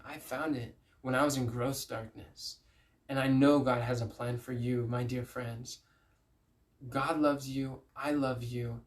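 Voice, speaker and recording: A man giving an earnest, pleading inspirational Christian message, telling stories with emphatic repeats. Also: mid-range voice. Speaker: Christian speaker. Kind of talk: inspirational preaching to camera.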